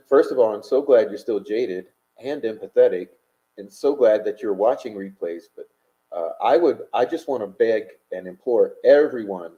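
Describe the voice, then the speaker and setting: A man's voice: medium pitch, mellow. A man hosting a livestream, reading chat and super chats aloud in rambling, combative talk full of fillers. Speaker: livestream host. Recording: dull lo-fi stream audio.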